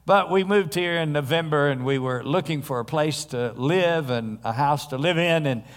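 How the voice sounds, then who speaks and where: A male pastor preaching a sermon in a church, telling stories in a conversational way with frequent pauses. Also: a little high. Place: church sanctuary. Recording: long hall reverb.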